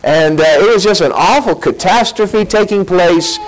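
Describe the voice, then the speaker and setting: A man preaching a sermon as pastor, folksy and animated, acting out quotes as he goes. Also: sits high, moderate pace, slight background noise, poor audio. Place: church sanctuary.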